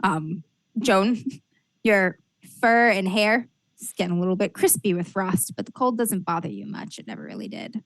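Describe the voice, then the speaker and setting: A woman's voice: medium pitch, very animated, normal speed, no room sound. A woman game master narrates a tabletop adventure scene by scene. Her delivery is descriptive and casual, with frequent fillers and restarts. The sound is dry and close, with no room around it.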